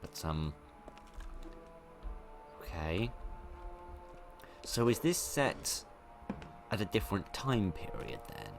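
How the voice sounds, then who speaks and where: A British man with a very deep but lively voice, rambling through casual gameplay commentary with halting, self-mocking asides. Music plays clearly underneath. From Britain. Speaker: let's play gamer.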